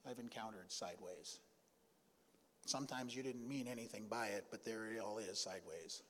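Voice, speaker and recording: A male pastor telling a personal story during a sermon, in a folksy, conversational way with pauses and asides. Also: lowish voice, fairly bright tone, in a large hall, a little hiss or hum. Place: church sanctuary.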